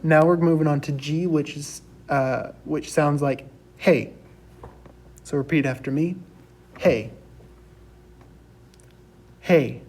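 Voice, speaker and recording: A young man teaching a recorded class lecture, saying each word slowly and clearly for students to repeat. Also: on the high side, fairly even intonation, a little mellow, a little hiss or hum. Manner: slow, deliberate, drills words for repetition.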